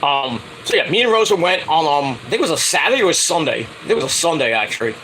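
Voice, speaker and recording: A man's voice: on the high side, sing-song, quick pace, sharp tone, slight background noise, poor audio. A middle-aged man telling a rambling casual story, full of filler words and restarts, acting out the lines he quotes. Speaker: wrestling show reviewer.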